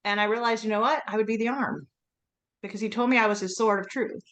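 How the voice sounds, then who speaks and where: A woman co-hosting a faith podcast, talking earnestly and quickly and laughing often. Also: mid-range voice, fairly even intonation, fairly bright tone. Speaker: podcast co-host.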